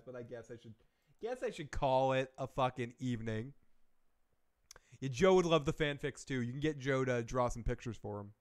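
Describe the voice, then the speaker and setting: A man's voice: mid-range voice, smooth. A man hosting a live stream, rambling in casual chat with profane, chuckling asides. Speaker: show host.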